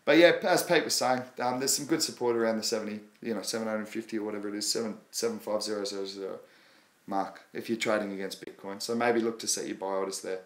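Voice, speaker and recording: A man with an Australian accent hosting a casual crypto livestream, talking quickly and rambling. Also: on the low side, fairly even intonation, roomy sound. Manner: quick, rambling, apologetic about his pace. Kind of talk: casual live chat.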